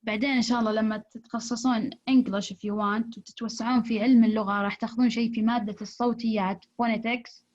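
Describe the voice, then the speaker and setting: A woman teaching an English class, explaining slowly in English and switching into rapid Arabic. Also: a little high, little pitch movement, darkish tone. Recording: dull lo-fi recording.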